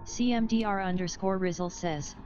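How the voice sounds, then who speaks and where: A woman reading chat messages aloud in a flat, even way. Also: mid-range voice, moderate pace, highs cut off, a little hiss or hum.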